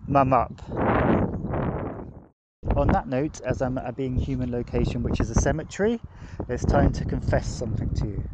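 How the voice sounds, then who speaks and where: A man's voice: medium pitch, moderate pace, pauses often. Guy from devon wandering about outside rambling into his phone, cars going past, kinda thoughtful. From England, grew up in Devon. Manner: rambling, reflective, with restarts. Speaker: podcast host. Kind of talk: casual walking monologue. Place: outdoors, walking past streets and a cemetery. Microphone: phone held while walking. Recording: phone recording outdoors with clear traffic noise. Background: passing cars and urban street noise.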